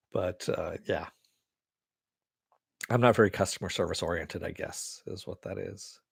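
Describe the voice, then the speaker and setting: A man's voice: low-pitched, slow, gravelly, long pauses, breathy edge, dry recording, clean studio sound. A man hosting a podcast, chatting casually and rambling through entertainment news with a laid-back, profane manner and frequent laughs. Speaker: podcast host. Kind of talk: casual chat reading listener comments.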